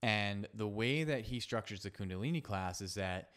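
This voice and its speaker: A man hosting a solo podcast, telling a personal story in an earnest, halting way with frequent restarts and fillers. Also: lowish voice, lively intonation, a bit bright. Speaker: podcast host.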